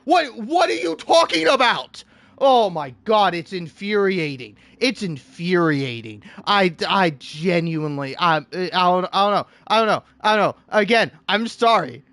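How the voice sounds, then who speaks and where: A man ranting in a comedic way, exasperated and theatrical, swinging between shouting and muttering. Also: high-pitched, very animated, unhurried, no room sound. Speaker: online video creator. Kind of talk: comedic rant.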